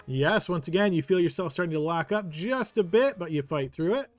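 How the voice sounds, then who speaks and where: Man, high voice, game master, brisk rulings, faint music behind. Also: animated, no echo. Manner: brisk, matter-of-fact rulings. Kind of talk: narrating a tabletop game.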